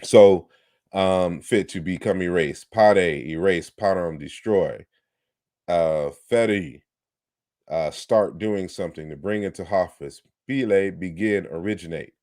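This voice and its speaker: A man with a very low voice gives a lecture, reading out word lists and explaining sound changes. He sounds close to the mic in a dead, dry room, and gets pointed and combative when he takes on critics. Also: measured pace, darkish tone, no echo. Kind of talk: online lecture on historical linguistics.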